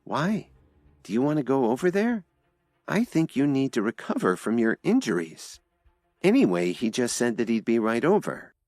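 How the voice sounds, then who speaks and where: A man's voice: medium pitch, sing-song, normal speed, a little mellow, no room sound, studio quality, voice pushed up, close to an everyday voice. A man voicing an anxious, caring young woman in an audio drama, pleading and worried.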